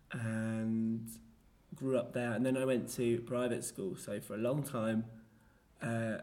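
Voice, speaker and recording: Young man, Essex accent, casual and rambling delivery, warm mellow tone. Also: medium pitch. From Essex, England. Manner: relaxed and rambling, with many fillers. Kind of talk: casual talk about his accent.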